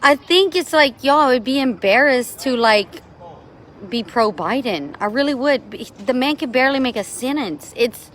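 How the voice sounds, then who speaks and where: A woman's voice: high voice, lively intonation, moderate pace, a bit bright. A woman co-hosting an outdoor live stream, chatting casually and leaning on fillers like "like" and "um". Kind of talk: casual livestream chat.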